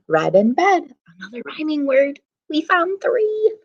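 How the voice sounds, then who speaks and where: A woman reading a children's story aloud, slowly and animatedly, stopping to point out rhyming words. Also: high-pitched, huge pitch swings, no echo, highs cut off. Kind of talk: children's read-aloud with interpretation.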